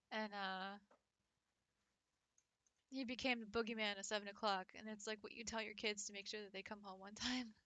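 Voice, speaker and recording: A woman's voice: mid-range voice, fairly even intonation, moderate pace, long pauses, pushed and bright, dry recording. A young woman, a French teacher, chatting casually with her stream viewers, talking loosely with many "likes" and laughing often.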